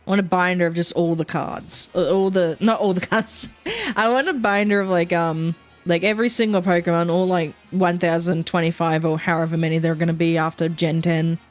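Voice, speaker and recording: A woman's voice: fairly low pitch, fairly even intonation, a little fast, soft background music. A woman, chatting casually on a gaming stream and rambling, swearing and laughing often.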